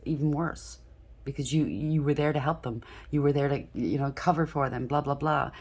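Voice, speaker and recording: A woman doing a collective tarot reading, talking bluntly and frankly, often checking in with "okay?". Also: sits low. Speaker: tarot reader.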